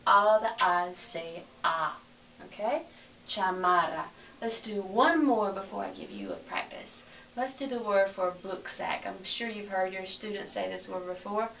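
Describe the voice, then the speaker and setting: Woman teacher, slow and careful, repeats words, sounds a bit far off in a roomy space, faint background hum. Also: mid-range voice, creaky, fairly bright tone. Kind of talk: recorded lesson.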